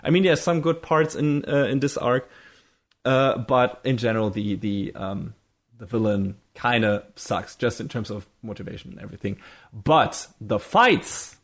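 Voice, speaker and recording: A man's voice: mid-range voice, measured pace. A young man co-hosting a podcast, talking in a loose casual chat. He rambles through his thoughts with plenty of fillers and drops casual swear words along the way. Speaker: podcast co-host.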